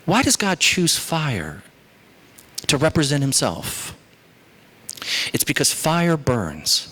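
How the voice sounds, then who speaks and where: A male pastor delivering a sermon, moving between slow, weighty lines and quick, chatty asides. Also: on the high side. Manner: animated, shifts between slow emphatic phrases and quick asides.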